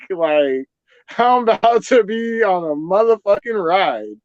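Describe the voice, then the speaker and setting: A young man telling crude, animated stories with lots of swearing in a casual podcast chat. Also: high voice, unhurried, no echo, lo-fi sound. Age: young adult. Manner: crude, animated storytelling with profanity.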